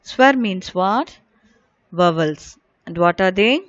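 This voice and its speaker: Very slow, patient woman teacher. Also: fairly low pitch, expressive, no echo. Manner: patient, repeats each word and asks questions for children to answer. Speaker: primary school teacher. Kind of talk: slow classroom video lesson. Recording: dull lo-fi recording.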